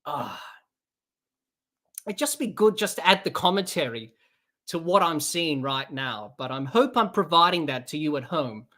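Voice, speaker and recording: A woman hosting a cricket podcast, giving live watch-along commentary in an excitable way, reading out listeners' comments and bursting into shouts at big shots. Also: low-pitched, measured pace. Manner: reads out chat comments and chats to listeners.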